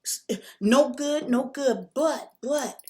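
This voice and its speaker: A man's voice: very high-pitched, slow pace, pitched above the performer's own voice. A woman voicing a friendly, eager male junk hauler who speaks broken English with a Spanish accent and Spanish words mixed in.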